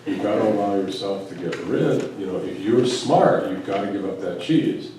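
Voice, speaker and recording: A man's voice: on the low side, lively intonation, moderate pace, mellow. A man giving a spiritual talk to a live audience, telling stories with quoted dialogue and rhetorical questions. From United States. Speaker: spiritual teacher and physician. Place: large echoey event room. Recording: echoey room from a distance with faint background noise.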